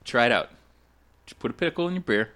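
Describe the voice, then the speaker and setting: A man from Minnesota talks casually on a podcast, spinning rambling, jokey stories. His voice sits at an ordinary middle pitch. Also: lively intonation, fast talker, sharp tone. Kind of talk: casual chat.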